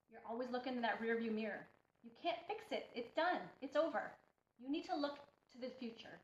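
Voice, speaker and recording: A high-voiced woman lectures in a blunt, preachy way, pressing her points hard. Her voice carries a roomy echo, and the recording sounds dull and lo-fi. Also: a bit bright, slight background noise. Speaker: healthy-eating coach. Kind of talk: motivational talk to camera. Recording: echoey room, dull lo-fi sound.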